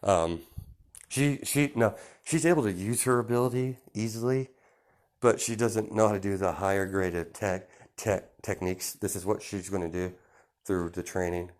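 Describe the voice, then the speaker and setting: A man's voice: on the low side, normal speed, a little mellow. A man telling an improvised story in a casual, rambling way, full of fillers and restarts. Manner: rambling, many fillers and restarts, laughs at himself.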